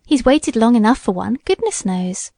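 Brief: woman reading as a sober teenage girl, soft, gentle dignity, close dry sound. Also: fairly high pitch, big pitch swings, normal speed, no echo. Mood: earnest. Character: sedate seventeen-year-old girl, gentle and serious. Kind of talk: audiobook character voice.

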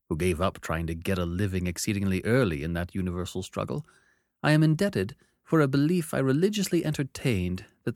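Deep-voiced man reading a classic novel. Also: no echo, studio quality. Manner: expressive first-person storytelling, measured and dramatic. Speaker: narrator. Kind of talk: scripted narration of a classic novel.

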